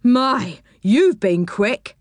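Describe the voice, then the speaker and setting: A woman's voice: a little high, expressive, extremely slow, no room sound. Woman doing a jolly train driver. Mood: amused.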